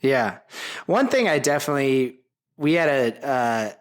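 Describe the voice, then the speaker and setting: A man's voice: mid-range voice, big pitch swings, unhurried. A man co-hosting a podcast in casual, candid talk, blunt and teasing, swearing freely with lots of "like". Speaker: podcast co-host. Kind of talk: casual unedited chat.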